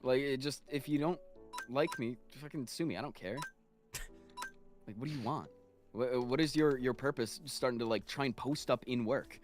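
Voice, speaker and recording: A man's voice: mid-range voice, normal speed, music in the background. A man in his twenties, swearing freely as he tells an exasperated story in a casual chat while gaming. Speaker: streamer's guest.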